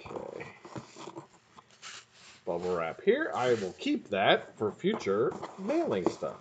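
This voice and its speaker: A man hosting a live stream in casual chat, greeting viewers by name and swearing freely, his voice sounding a bit hoarse. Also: mid-range voice, wildly swooping pitch, takes it slowly, long pauses, muffled recording, slight background noise. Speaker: livestream host.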